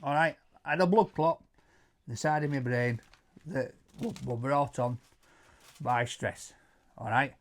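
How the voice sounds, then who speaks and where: A middle-aged man with a Yorkshire accent telling stories in casual chat, animated, stumbling over repeated words and loudly acting out quotes. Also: medium pitch, measured pace, pauses often. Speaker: co-host answering viewer questions.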